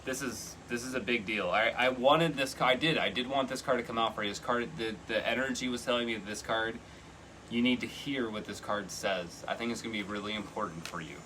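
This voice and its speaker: A man giving a live tarot reading, chatty and earnest, with sudden excited bursts. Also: mid-range voice, fairly quick, background noise. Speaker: tarot reader.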